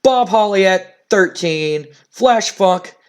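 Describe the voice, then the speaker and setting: Guy narrating a wrestling sim like play-by-play, slow, kinda high voice. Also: lively intonation, clear, resonant tone. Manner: storytelling play-by-play, hyping announcements. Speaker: game narrator.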